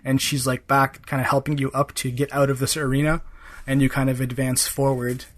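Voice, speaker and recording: A podcast host chats casually about a game in a mid-range, fairly bright voice, speaking fairly quickly with flat delivery. His talk is loose and rambling, stuffed with "kind of" and "like."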